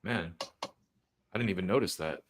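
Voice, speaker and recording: A man's voice: deep voice, unhurried, a little hiss or hum. A man hosting a live stream and chatting casually while waiting for a guest. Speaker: host.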